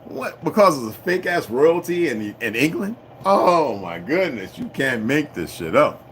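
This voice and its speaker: A man's voice: on the high side, big pitch swings, a little slow, fairly bright tone, a little hiss or hum. A middle-aged man hosting a casual livestream, rambling and swearing freely, laughing often and talking back to his chat. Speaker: livestream host.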